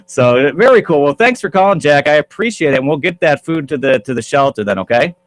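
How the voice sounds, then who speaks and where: A man's voice: a little high, lively intonation, fairly quick, dry recording. A man hosting a call-in pet radio show, chatting in an upbeat, easy way. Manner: upbeat, repeats the phone number, easy banter. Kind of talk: casual radio chat.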